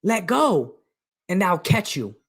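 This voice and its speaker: A man voicing the Lord, who answers calmly from the clouds in a story he is telling. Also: high voice, slow pace, breathy edge, heavily acted.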